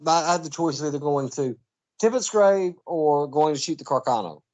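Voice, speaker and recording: A man's voice: on the high side, animated, fairly quick, darkish tone. A man hosting an interview show, chatting casually with frequent laughs and stammered restarts. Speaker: host.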